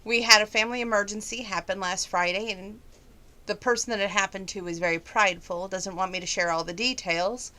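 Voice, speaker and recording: Woman, middle-aged, bright tone, medium pitch, folksy casual vlog update, fighting emotion. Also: steady tone, fairly quick. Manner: chatty and folksy, trying not to get emotional. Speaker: vlogger giving a personal update. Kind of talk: casual chat to viewers.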